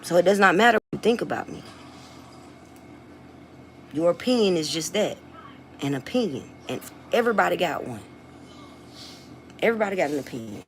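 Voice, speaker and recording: In a rough recording with slight background noise, a Southern-accented woman, an adult mom, vlogger and rapper, talks to her viewers in a lowish, sing-song voice. She goes a little fast, pausing often, and is blunt and defiant, swearing plenty.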